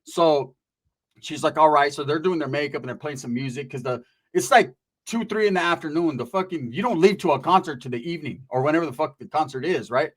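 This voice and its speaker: A man with a notably high voice spins a comic street story. He talks loose and profane, packed with slang, and jumps between his own voice and the people in the story. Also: brisk.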